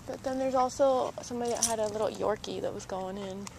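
A woman training a dog outdoors beside a park, coaching softly and breaking into high sing-song praise, on camera audio. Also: fast, gravelly, noisy background. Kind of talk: live dog training session.

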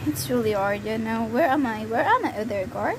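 A woman's voice: a little high, animated, a little fast. A young woman from the Philippines chatting casually while playing a video game, easily flustered. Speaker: gamer. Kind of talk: casual gameplay commentary. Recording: faint background noise.

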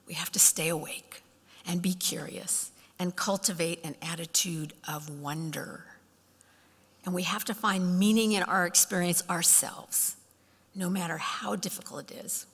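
A middle-aged woman speaks from a conference stage, telling stories and acting out the people in them. Her voice sits fairly low for a woman. A long reverb from the hall trails after her words. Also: slightly rough. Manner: animated, acts out quoted voices. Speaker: keynote speaker. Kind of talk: storytelling keynote speech.

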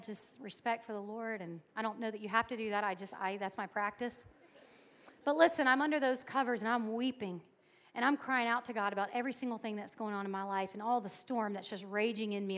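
A young adult woman from Florida preaching a sermon at a conference, telling stories with sudden loud emphasis. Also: on the high side. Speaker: conference speaker. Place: conference hall.

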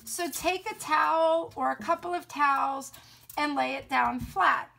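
A middle-aged woman dog trainer demonstrating how to clean a dog at an indoor sink, talking in a calm, soothing way. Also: high voice, a little slow, vocal fry, soft background music.

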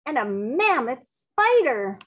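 A woman voicing a flustered, blustering male ship captain who exclaims excitedly. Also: high-pitched, takes it slowly, full character voice. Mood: alarmed.

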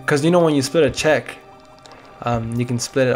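A man's voice: medium pitch, fairly quick. Young male gamer, rambling and weary, narrating his play with faint game music under him. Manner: rambling, chatty, frequent "like". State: tired. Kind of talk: casual gameplay commentary.

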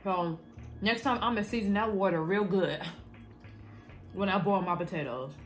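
A woman with a Black way of talking chats through a food vlog, animated and laughing often. Her voice sits at an everyday middle pitch, and faint music plays behind her. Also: normal speed. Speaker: food vlogger. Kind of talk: casual cooking vlog chat.

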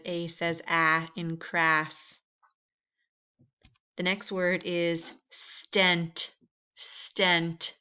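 A woman's voice: lowish voice, pushed and bright, clear, resonant tone. A woman teaching vowel sounds in a phonics drill, patient and encouraging, drawing out each sound. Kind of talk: slow, deliberate phonics drill. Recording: slightly dull, lo-fi sound.

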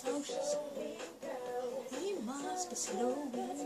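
A woman's voice: high voice, slow. A woman giving casual reaction commentary on a music video, chatty and exclaiming, often breaking into laughter. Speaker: reaction vlogger. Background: music video song playing.

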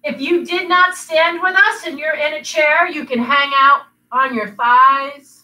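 A woman guides children through yoga poses in a bright, high voice, teasing them with silly animal noises. She speaks slowly and patiently, and the sound comes from across an echoey room, far from the mic. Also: steady tone. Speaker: kids' yoga instructor.

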